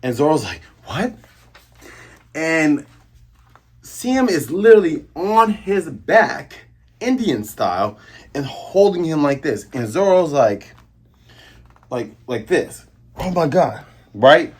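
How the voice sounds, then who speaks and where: A man hosting a casual manga chapter review, excitable and acting out scenes as he goes. His voice is husky and a little breathy. His pitch swings widely and lively. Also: slow pace. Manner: animated, excitable, acts out scenes.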